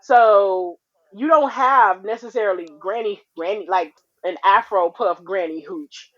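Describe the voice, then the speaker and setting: A woman in her forties co-hosting a podcast, a blunt, profane and animated storyteller in casual chat. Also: medium pitch, a little slow, dull audio. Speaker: podcast co-host.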